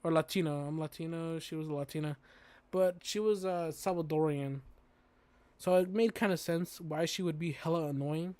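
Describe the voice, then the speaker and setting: A man's voice: a little high, steady tone, moderate pace, mellow, no echo. A man streaming a game, chatting casually and telling stories in slangy speech. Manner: slangy, storytelling, says "bro" and "dude". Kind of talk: casual chat while playing a game.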